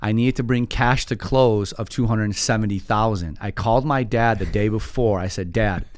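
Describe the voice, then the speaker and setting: A man in his forties from Iran, telling his story as a podcast guest in an animated, quick way, full of fillers and quoted voices. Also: fairly low pitch, dry recording. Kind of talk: casual storytelling.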